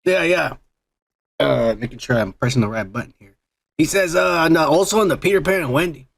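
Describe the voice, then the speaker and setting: High-voiced man rambling on a podcast. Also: a little fast, creaky, husky. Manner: rambling, profane storytelling with frequent "uh". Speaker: podcast host. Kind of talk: crude casual chat.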